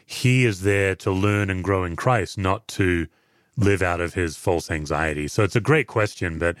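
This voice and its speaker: Deep-voiced Australian man, dry sound. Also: moderate pace, no echo. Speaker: guest, pastor and former chaplain. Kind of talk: reflective interview answers.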